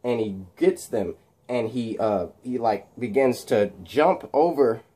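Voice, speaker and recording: Lockerer junger Mann erzählt einen Film nach. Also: male voice, mid-range voice, takes it slowly, dark tone, husky. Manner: rambling, with many restarts and "like". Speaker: video creator. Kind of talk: casual retelling of a film scene.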